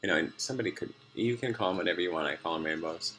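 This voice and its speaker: A man's voice: sits low, very fast, a bit bright, soft background music. A man talking to his viewers in a rambling personal video diary from a room at home, drifting off topic with many fillers and laughs. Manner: meandering, sidetracked, many fillers, laughs often. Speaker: vlogger.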